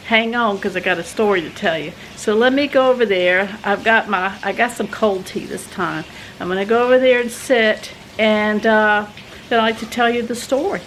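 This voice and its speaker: There's a faint hiss or hum under this woman's medium-pitched voice. She's a vlogger from the South, sitting at home in a doublewide and telling the camera a folksy story in a chatty way, growing animated as she retells it.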